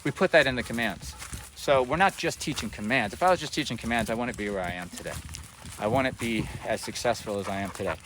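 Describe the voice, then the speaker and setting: A man working as a dog trainer, explaining his methods in a relaxed way outdoors and often checking in with "right?". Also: mid-range voice, quick pace. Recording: distant mic outdoors, faint background noise.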